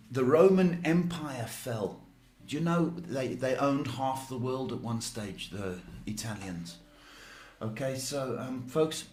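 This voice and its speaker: A male psychic host answering viewers' questions on a live stream, chatty and reassuring, often saying "okay" and "folks". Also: medium pitch. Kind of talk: live-stream advice chat. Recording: echoey room.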